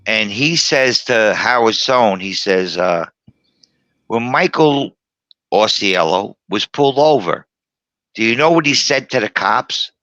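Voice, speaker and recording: A man's voice: lowish voice, expressive, takes it slowly, bright, forceful tone, dry recording, muffled recording. A middle-aged man telling rowdy, profane tall tales as a guest, combative and boastful. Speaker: guest storyteller. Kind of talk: rowdy bar-room storytelling.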